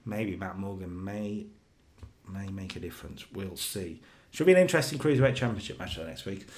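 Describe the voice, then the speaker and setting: A man co-hosting a casual chat, recapping wrestling storylines with animated storytelling. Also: low-pitched. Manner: animated storytelling, does quick character voices in quotes. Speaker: co-host recapping a wrestling sim save.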